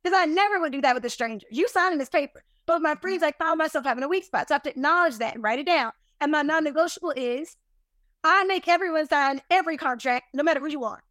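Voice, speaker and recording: A woman with a high, bright-pitched voice speaks as a podcast guest. She tells stories in an animated, emphatic way and pokes fun at her own mistakes. The recording is dry and close. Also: quick pace, no room sound. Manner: animated, emphatic, self-deprecating. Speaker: podcast guest, business owner. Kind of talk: casual interview storytelling.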